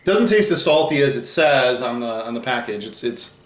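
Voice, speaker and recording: A man hosting a food tasting video, chatting casually while he explains facts read off the packaging. His voice sits at an ordinary middle pitch. The room around him is echoey. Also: lively intonation, normal speed. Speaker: host of a food challenge channel. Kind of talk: casual chat.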